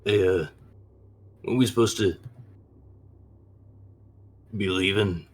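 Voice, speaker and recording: A man's voice: sits low, takes it slowly. A man playing in a tabletop game, talking casually and a bit hesitantly. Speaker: player.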